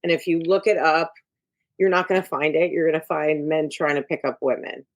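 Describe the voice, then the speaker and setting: This low, brisk female voice keeps a fairly even intonation, and the sound is lo-fi. The speaker is a middle-aged executive coach appearing as a guest in a casual interview, frank and emphatic as she hands out advice.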